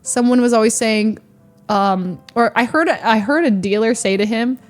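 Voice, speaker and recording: A young woman streamer in casual storytelling chat, animated, laughing often and acting out the people she quotes. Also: on the high side, fairly quick, faint music behind.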